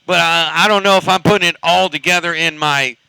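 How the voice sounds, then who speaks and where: A man's voice: a little high, steady tone, a little fast, gravelly, bright, forceful tone, smooth, dry recording, rough recording. A man from California chatting casually on a CB radio, rambling and cussing in a laid-back way. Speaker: CB radio operator.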